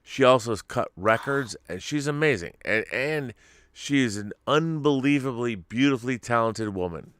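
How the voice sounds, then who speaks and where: A man's voice: medium pitch, expressive, moderate pace, fairly bright tone, smooth, no echo. A man hosting a casual live-streamed show, reading out viewer tips and getting flustered by his co-host's jokes. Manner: flustered, exclaiming, stammering restarts. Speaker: podcast host.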